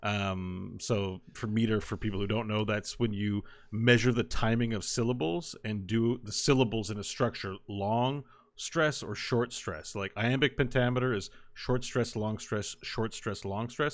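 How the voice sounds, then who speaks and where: A man's voice: fairly low pitch, moderate pace. A man co-hosting a podcast in casual chat, explaining things at length and drifting off on tangents. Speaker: podcast co-host.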